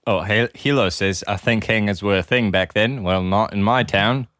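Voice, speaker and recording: A man's voice: on the low side, normal speed, fairly bright tone, dry recording, clean studio sound. A man co-hosting an improvised comedy chat, playfully staying in character as a backward commoner. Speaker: podcast co-host.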